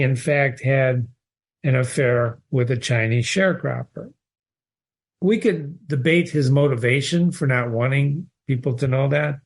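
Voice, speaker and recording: A man talking casually through a short story as a literature teacher, answering emails from viewers, wandering into asides and reading passages aloud. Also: medium pitch. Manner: conversational, digressive, with restarts and asides. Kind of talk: casual spoken literary analysis.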